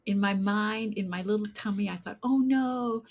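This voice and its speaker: A woman in her sixties from the United States, a playwright telling animated stories in an interview and acting out voices as she goes. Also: mid-range voice, brisk. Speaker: playwright guest. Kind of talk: interview storytelling.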